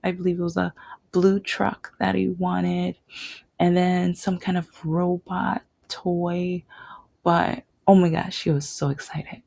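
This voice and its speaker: A woman's voice: fairly low pitch, vocal fry, a little mellow, dry recording. A young woman telling a personal story, rambling with restarts and dropping to a whisper at tender moments. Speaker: vlogger.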